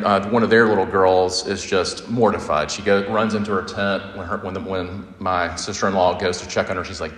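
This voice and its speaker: A pastor in his thirties delivers a sermon in a low-pitched voice, swinging between quick, animated storytelling and slow, weighty emphasis. The sound carries the long reverb of a large, roomy hall. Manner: animated storyteller, sings snatches of a song, slows down for emphasis.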